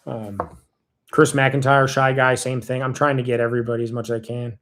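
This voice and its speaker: A man's voice: mid-range voice, little pitch movement, a little fast, fairly bright tone. A man hosting a livestream in casual chat, reading viewer comments aloud and thanking people by name. He rambles in a heartfelt way and often loses his place. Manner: loses his train of thought, restarts sentences. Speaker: livestream host.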